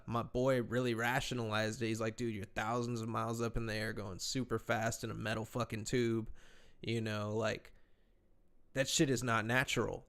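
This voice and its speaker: A man's voice: medium pitch, clear, resonant tone. Profane rambling man telling a story. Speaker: podcast host. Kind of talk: casual chat.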